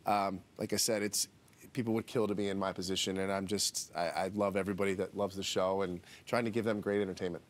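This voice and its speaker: A man's voice: low-pitched, fairly even intonation, fast. A man in his forties, a reality TV guest chatting casually in a TV studio interview, rambling with restarts and turning emotional about family.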